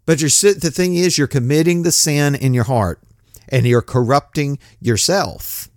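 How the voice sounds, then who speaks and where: A man giving an informal, blunt, plain-spoken sermon, swinging between loud outbursts and low mutters. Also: lively intonation, normal speed, dry recording, studio quality. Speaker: preacher.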